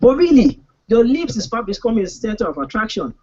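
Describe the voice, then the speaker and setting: A man's voice: extremely high pitch, sing-song, quick pace, a little mellow, lo-fi sound, a little hiss or hum. A man with a Nigerian accent performing comic spoken word poetry in a rhythmic, rhyming style, recorded live on a poetry stage. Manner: rhythmic, rhyming delivery with mock-dramatic outbursts.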